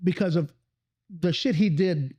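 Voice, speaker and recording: A man's voice: sits high, unhurried, mellow, husky, no echo, dull audio. A man hosting a podcast in casual chat, rambling and swearing freely as he talks. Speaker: podcast host. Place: cigar lounge.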